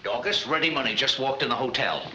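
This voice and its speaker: An actor playing a scheming con man who gives brisk, bossy orders in 1940s film style. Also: mid-range voice, background noise, close to an everyday voice. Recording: roomy 1940s film soundtrack.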